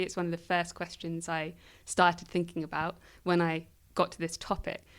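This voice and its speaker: Interview guest: woman with a low, smooth voice, explaining ideas thoughtfully. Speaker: guest philosopher. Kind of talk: interview conversation.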